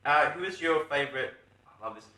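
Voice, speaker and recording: An Australian man hosting a casual live radio interview, joking and bantering quickly. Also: fairly high pitch, animated, bright, forceful tone, far from the mic. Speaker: radio host. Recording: roomy studio, off-mic.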